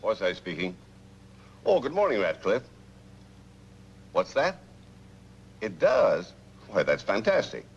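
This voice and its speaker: An actor playing a cautious, officious school board man who talks in a measured way, in 1940s film acting. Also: fairly low pitch, wildly swooping pitch, husky, heavily acted. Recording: muffled old film sound.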